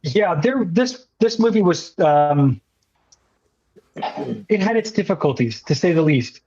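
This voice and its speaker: A man, a filmmaker guest, telling a story in a casual interview with a measured pace and dry understatement. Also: on the high side, animated, a little mellow, husky. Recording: muffled lo-fi audio.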